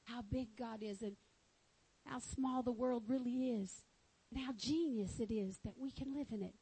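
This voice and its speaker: A woman's voice: fairly high pitch, moderate pace, warm tone, husky, poor audio. A woman with a Texan accent preaching a fervent sermon, exclaiming and reading scripture aloud. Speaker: pastor.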